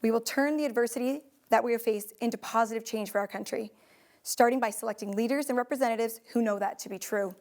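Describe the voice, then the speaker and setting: Woman, election candidate, earnest, slightly halting, higher voice, closing statement. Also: darkish tone. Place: television studio.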